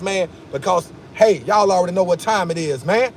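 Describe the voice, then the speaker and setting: A man live-streaming from his car, talking excitedly and emphatically to his chat in slang. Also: sits high, normal speed, hardly any pauses. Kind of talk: casual live-stream rant. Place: in a car at a gas station.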